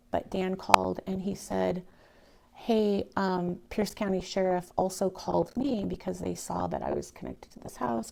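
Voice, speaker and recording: A woman telling an emotional personal story to a live audience, animated and swinging from loud to near-whisper. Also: mid-range voice, creaky. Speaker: speaker telling her real estate story.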